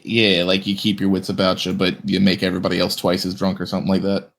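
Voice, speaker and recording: A man's voice: deep voice, completely flat delivery, fast talker. A man playing in a tabletop game, laid-back and teasing in casual chat. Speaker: player.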